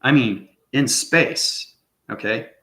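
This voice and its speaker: At a slow pace, a medium-pitched man with a pushed, bright voice rambles through an unscripted spiritual monologue for his channel. He frequently tacks "okay?" onto his lines, and the recording has an echoey room sound.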